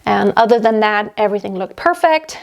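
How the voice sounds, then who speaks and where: A woman's voice: medium pitch, expressive, a little fast, vocal fry. A woman in her thirties, out of breath, chatting in a rambling way with many restarts in a casual pregnancy update from her home workroom. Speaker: vlogger.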